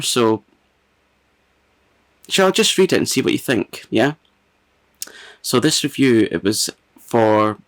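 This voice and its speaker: A man with a gravelly, mid-range voice hosts his own ASMR channel, chatting casually and reading a funny review aloud while often dissolving into giggles.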